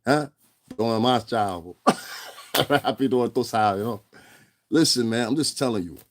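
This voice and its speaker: A man's voice: medium pitch, animated, measured pace. A man, ranting profanely in fired-up commentary and repeating himself. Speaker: commentary channel host.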